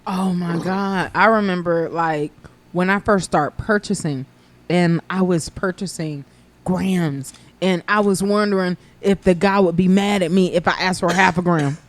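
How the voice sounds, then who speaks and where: A woman chatting as a podcast guest, telling stories in an animated, profane way. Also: lowish voice, unhurried. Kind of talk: casual chat.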